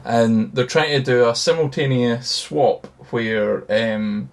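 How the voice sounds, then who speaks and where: A man's voice: mid-range voice, steady tone, slow, gravelly. Man, casual podcast chat, rambling recap, laughs a lot. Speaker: podcast co-host.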